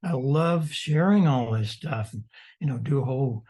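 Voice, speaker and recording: An older man, the guest presenter, answering questions on a video call in an animated storytelling way with mock-indignant asides. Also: medium pitch, moderate pace, husky.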